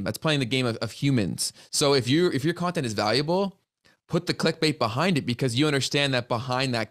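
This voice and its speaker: A man hosting a conversational podcast, with a voice of middling pitch. He is enthusiastic and affirming. He builds his points the way a coach would. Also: fairly bright tone. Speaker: podcast host. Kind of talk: casual interview chat.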